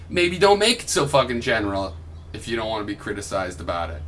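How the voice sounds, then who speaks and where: A young man with a slightly high, bright, forward voice delivers a combative vlog rant. He swears freely and drips sarcasm, arguing fast and hard into a desk mic. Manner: combative, profane, sarcastic ranting. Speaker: video blogger. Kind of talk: heated reply vlog.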